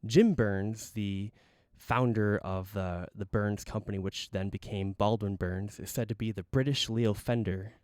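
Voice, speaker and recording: A man's voice: lowish voice, fairly even intonation, a little slow, a little mellow, no echo, clean studio sound. A man hosting a casual guitar gear demo, enthusiastic and rambling, with many restarts.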